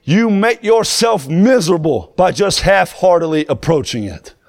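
A young man preaching a sermon, moving from plain talk to fervent, shouted preaching. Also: high voice, expressive, normal speed.

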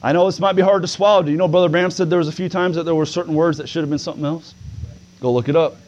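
Man preaching, fairly high voice, muffled lo-fi church recording, swings from conversational to loud and drawn-out. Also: steady tone, slight background noise. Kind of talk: sermon.

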